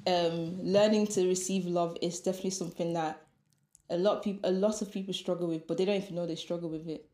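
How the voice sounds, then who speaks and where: A woman's voice: lowish voice, steady tone, fast talker, dark tone. A woman in her twenties co-hosting a podcast, chatting frankly and teasingly while she thinks aloud. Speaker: podcast co-host. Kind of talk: casual chat. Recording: echoey room.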